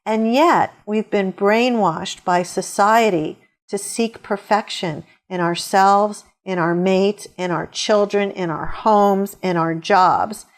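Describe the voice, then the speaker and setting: A middle-aged woman answering interview questions with upbeat, storytelling advice. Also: mid-range voice. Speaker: guest author.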